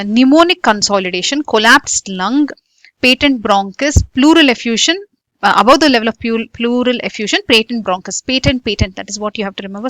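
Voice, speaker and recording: A medical tutor with an Indian English accent teaches an exam lecture in a slightly high, somewhat bright voice, with no room sound. She repeats key points and drills students with questions, often saying "okay" and "guys."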